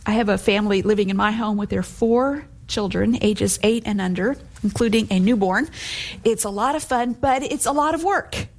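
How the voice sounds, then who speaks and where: A woman's voice: medium pitch, normal speed, darkish tone. A middle-aged woman giving devotional Bible teaching in an earnest, conversational way, quoting scripture as she goes.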